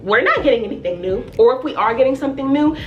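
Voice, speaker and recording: A woman's voice: high-pitched, animated, quick pace, highs cut off, soft background music. A woman fashion vlogger talking straight to her viewers in a casual, chatty way, repeating phrases for emphasis. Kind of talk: casual direct-to-camera vlog.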